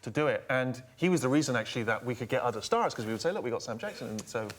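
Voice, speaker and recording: A man's voice: medium pitch, animated, racing. An English man telling rambling, self-deprecating stories as a guest on a talk show. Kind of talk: anecdotal chat.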